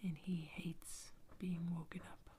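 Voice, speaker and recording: A woman telling an improvised bedtime story as whispered role-play, slow and soft. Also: lowish voice, little pitch movement. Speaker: ASMR storyteller.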